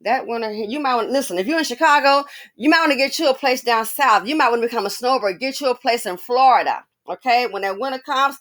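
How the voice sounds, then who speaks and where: A fairly high-voiced woman giving casual commentary to her audience. She speaks right to the viewer, wanders into side stories and breaks out in sudden exclamations. Her delivery stays lively and unscripted throughout. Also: fast talker, hardly any pauses. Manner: animated, talks straight to viewers; exclamatory, rambling asides. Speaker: commentary channel host.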